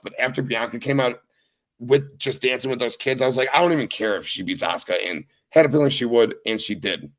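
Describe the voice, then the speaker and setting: A young man hosts a casual wrestling podcast and rattles through the weekend's matches. He talks with excited, profane emphasis and a mid-range voice. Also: medium pitch. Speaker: podcast host. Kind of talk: casual wrestling recap chat.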